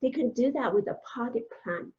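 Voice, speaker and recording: A woman's voice: a little high, animated, moderate pace, noisy background. A woman hosting an interview on a video call, speaking in an encouraging way with frequent fillers. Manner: warm and encouraging, with many fillers. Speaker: host. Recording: dull, lo-fi video call audio.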